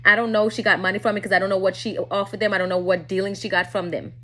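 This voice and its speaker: A woman telling a personal story to her viewers in a candid, casual way, often dropping low and quiet. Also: steady tone, racing.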